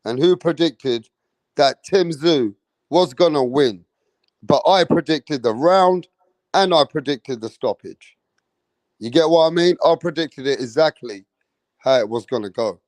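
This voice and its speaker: A man's voice: on the high side, expressive, unhurried, a little mellow, dry recording. A man hosting a live stream about boxing, brash and profane, talking straight to his chat and boasting about his predictions. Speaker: boxing channel host.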